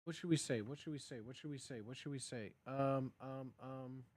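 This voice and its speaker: A man's voice: medium pitch, moderate pace, a little mellow, no echo. A man chatting casually on a live stream, nervous and muttering to himself between fillers. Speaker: livestreamer.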